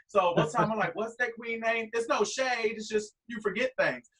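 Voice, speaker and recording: A drag performer guest telling a long, rambling anecdote full of quoted dialogue. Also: male voice, very high voice, moderate pace, fairly bright tone, far from the mic, low-quality recording. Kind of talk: animated storytelling.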